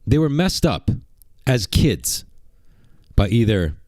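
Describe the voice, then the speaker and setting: A man's voice: medium pitch, very animated, takes it slowly, a little mellow, dry recording. A man doing mocking livestream reaction commentary, rambling and sarcastic, repeating rhetorical questions.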